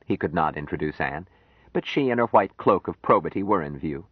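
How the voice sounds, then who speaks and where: Deep low guy reading an audiobook, dry close sound, a bit muffled. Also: expressive, brisk, husky, no echo. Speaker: audiobook narrator.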